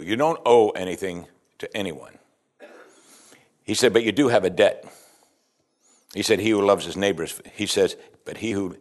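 Male pastor, lowish voice, relaxed conversational sermon with frequent restarts. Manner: conversational, repeats "you see", frequent restarts.

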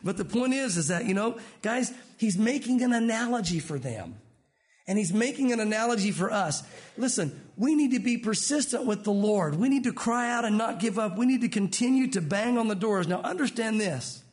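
A middle-aged man preaching a sermon, animated, acting out the voices of people in his story. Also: high voice, moderate pace. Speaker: pastor.

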